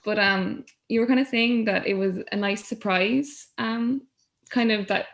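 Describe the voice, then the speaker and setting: A woman's voice: mid-range voice, a little slow, gravelly, fairly bright tone. Young Irish woman interviewer, hesitant. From Ireland. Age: young adult. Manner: friendly, hesitant, laughs between phrases. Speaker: student interviewer. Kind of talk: casual interview.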